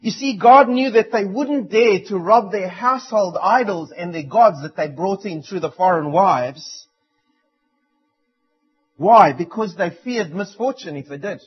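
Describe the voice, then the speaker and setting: A man preaching with a fairly high, husky voice. He swings between loud declarations and hushed, pressing asides. The recording is dull and lo-fi. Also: animated, unhurried. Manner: dramatic preaching with sudden drops to near-quiet. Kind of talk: sermon. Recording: dull lo-fi sound.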